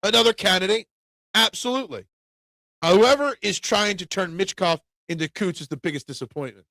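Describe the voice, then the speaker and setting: Man, sports talk host, bright sharp voice, dry close sound. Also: high-pitched, brisk, no room sound. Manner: opinionated, gets loud and worked up. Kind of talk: casual sports talk, reading viewer comments.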